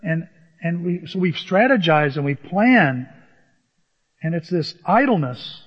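A man's voice: a little high, sing-song, a little slow, husky. A man preaching a sermon as pastor, conversational and humorous, rising to emphatic peaks. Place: church. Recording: dull sound with long church reverb.

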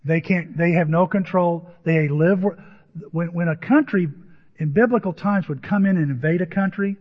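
A man preaching a sermon as a pastor, telling stories with lively acted-out voices and crowd noises. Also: high-pitched, moderate pace. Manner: animated storytelling, acts out voices and crowd noises. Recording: dull lo-fi audio with long hall reverb.

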